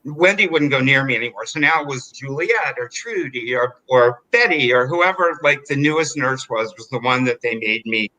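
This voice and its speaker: Bright-voiced chatty male storyteller. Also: medium pitch, normal speed, few pauses, poor audio. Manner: animated, chatty, filler-heavy. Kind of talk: live storytelling.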